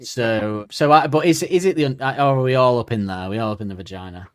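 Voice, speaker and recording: A man's voice: medium pitch, fast talker, clean tone, no room sound, clean studio sound. A man co-hosting a podcast, joking crudely and laughing often in casual chat. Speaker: podcast co-host.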